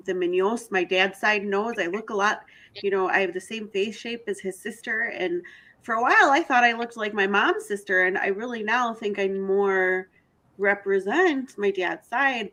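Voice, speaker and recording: A woman's voice: medium pitch, a bit bright, poor audio. A woman in a casual panel discussion, earnestly telling personal stories with frequent restarts.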